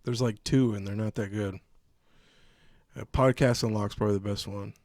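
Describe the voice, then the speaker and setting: A man co-hosting a casual podcast, telling stories in an animated way with a lot of swearing. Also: lowish voice, fairly quick, dry recording, clean studio sound. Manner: profane, animated storyteller. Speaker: podcast co-host. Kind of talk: casual chat. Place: remote recording, like a video call.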